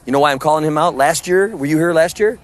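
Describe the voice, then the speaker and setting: A man's voice: on the high side, quick pace. A man preaching fervently in the street to one listener, firing rhetorical questions and condemnations. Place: outdoors at a public event.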